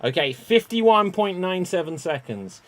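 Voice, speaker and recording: A man hosts an online improv comedy game with a slightly raised voice. He talks at an unhurried pace and breaks into loud, animated exclamations. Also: high voice, a little hiss or hum. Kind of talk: lively online improv show hosting.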